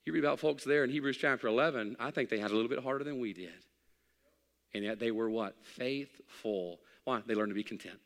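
Pastor guy preaching, folksy and joking, gets loud, long echo off the church walls. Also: mid-range voice, fairly quick, vocal fry. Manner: folksy, humorous, builds to loud emphatic peaks. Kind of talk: sermon. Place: church sanctuary. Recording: long hall reverb.

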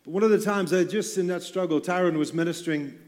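A man's voice: sits high, fast talker, a little mellow. A man preaching a sermon on stage in a church, talking in a loose, conversational way with joking asides. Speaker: pastor.

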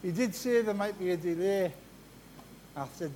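Fast-talking man preaching. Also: high-pitched, noisy background. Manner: chatty and joking, talks fast. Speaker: guest preacher. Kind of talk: sermon-style personal testimony. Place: church carol service before a live congregation. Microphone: handheld microphone.

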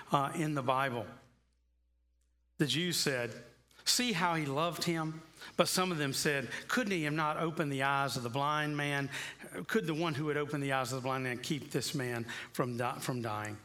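Bright-voiced man preaching a sermon. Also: fairly high pitch. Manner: conversational, rising to passionate emphasis. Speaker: pastor. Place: church sanctuary.

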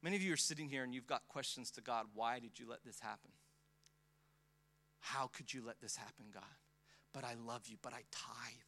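Bright-voiced man preaching a testimony. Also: mid-range voice, normal speed, gravelly. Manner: builds from quiet storytelling to impassioned preaching. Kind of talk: sermon testimony.

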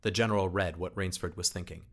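A man narrating a short story as an audiobook reading, in a measured, steady storytelling manner. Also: sits low.

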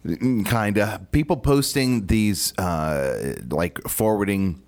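A man's voice: on the low side, expressive, takes it slowly, darkish tone. A man from Louisiana co-hosting a casual radio show, talking bluntly and swearing casually. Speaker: radio co-host.

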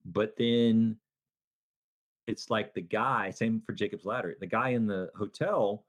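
A man co-hosting a casual movie podcast, retelling scenes in a rambling way and acting out the characters' lines. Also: unhurried. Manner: animated storytelling, acts out scenes in a loud high voice; rambling with many restarts and fillers. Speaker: podcast co-host.

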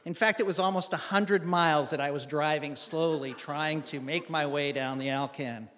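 A man's voice: a little high, moderate pace, a bit bright. Man telling a wry story in a hall. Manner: wry, conversational, self-deprecating. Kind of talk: personal story told to an audience.

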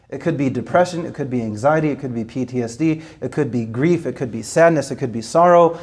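A man's voice: medium pitch, quick pace, hardly any pauses, darkish tone. A man giving an earnest sermon, repeating phrases for emphasis and reciting scripture in Arabic. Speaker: Islamic preacher.

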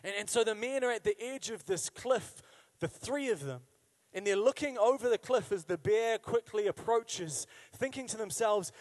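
A man's voice: high-pitched, expressive, moderate pace. A man preaching a sermon in a conversational style. He asks the listeners questions and repeats key phrases for emphasis. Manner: emphatic repetition. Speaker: pastor.

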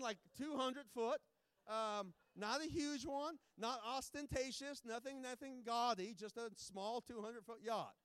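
A pastor giving informal, joking remarks before a sermon, rambling with many restarts. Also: male voice, sits high, fairly bright tone, clear, resonant tone, no room sound.

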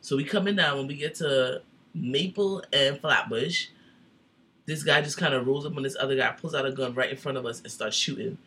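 A man's voice: medium pitch, a little fast, pushed and bright. A man co-hosting a casual podcast chat, an easygoing storyteller who leans on fillers. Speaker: podcast co-host.

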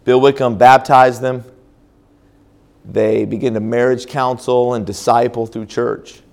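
A man in the pastor's role tells his story at a church conference in a mid-pitched voice. He speaks in sermon-testimony fashion, restarting often and leaning on fillers as he goes. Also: steady tone, unhurried, gravelly, a little mellow.

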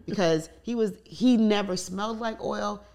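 A woman's voice: medium pitch, normal speed, a little mellow. A woman in candid conversation, telling personal stories openly with many asides. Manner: open, storytelling with many asides. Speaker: guest.

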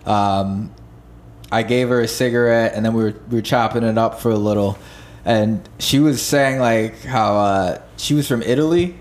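A man's voice: on the low side, moderate pace. A young man, hosting a podcast and telling a loose, profane story in casual chat. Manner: loose storyteller, swearing, laughing. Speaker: podcast host.

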